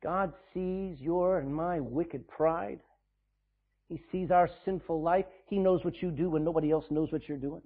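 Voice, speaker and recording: Man preaching to his church, fairly high voice, sounds thin like over a phone, gets loud then drops soft. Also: narrow, tinny audio. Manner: preaching with emphatic swings in volume, reading scripture slowly. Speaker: pastor. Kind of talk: sermon. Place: church sanctuary.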